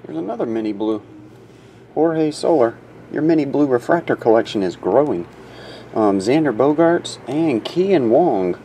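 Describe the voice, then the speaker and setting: A man's voice: expressive, measured pace, warm tone, slight background noise. Sleepy man calling out card names. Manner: reads out names in a low murmur, chatty asides. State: sleepy, runny nose. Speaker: card breaker. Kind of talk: casual card-break narration.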